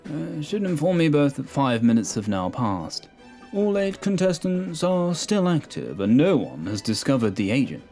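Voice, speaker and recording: A man's voice: fairly high pitch, big pitch swings, moderate pace, a little mellow, soft background music, pitched above the performer's own voice. A man voicing a polite, formal male train host construct in a sci-fi audio story. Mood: courteous. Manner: overly courteous, formal.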